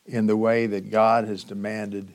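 A man preaching a sermon as pastor, teaching slowly and emphatically with dramatic pauses. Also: on the low side, flat delivery.

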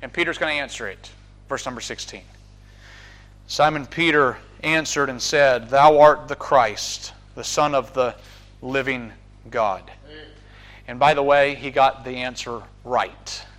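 A man preaching a sermon, building from calm scripture reading to fervent proclamation. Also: mid-range voice, measured pace, pauses often.

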